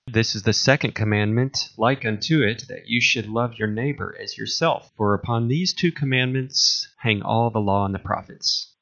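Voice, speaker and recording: A man preaching, reading a long series of scripture commands aloud in a measured, solemn way. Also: lowish voice, creaky, a bit bright. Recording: dull lo-fi recording.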